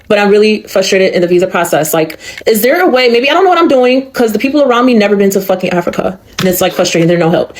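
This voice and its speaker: Exasperated woman ranting to camera. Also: mid-range voice. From United States. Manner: frustrated, exasperated, rhetorical questions. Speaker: vlogger. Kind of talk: casual selfie video rant.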